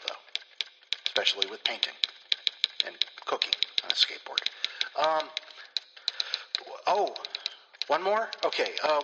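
Rambling podcast host, hissy roomy recording. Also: male voice, on the high side, gravelly. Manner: self-deprecating, wandering asides. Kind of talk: casual, rambling podcast talk. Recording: long hall reverb, loud hiss. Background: typewriter loop.

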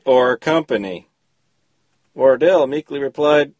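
A man's voice: fairly high pitch, expressive, slow, a little mellow, slightly rough, dry recording, clean studio sound. A man recording himself on a phone, reading his short story after a chatty intro. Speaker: story contributor.

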